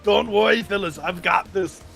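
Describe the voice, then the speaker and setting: Dude reading a nervous show-off bar guy, high and raspy, all over the place. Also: very animated, moderate pace, pushed and bright, faint music behind, heavily acted. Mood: cocky. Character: nervous, overconfident young male bar patron. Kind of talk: reading a visual novel aloud.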